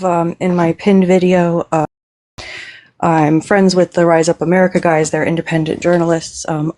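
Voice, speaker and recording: A caller on a livestream sharing a call to action, speaking earnestly and haltingly with many "um" fillers. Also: mid-range voice, a little mellow. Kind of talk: call-in announcement.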